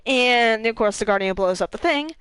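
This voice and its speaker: Animated young woman streamer, dry close sound. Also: on the high side, normal speed, clear, resonant tone, dry recording. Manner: animated, swearing, laughing asides. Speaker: gaming streamer. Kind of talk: casual story recap.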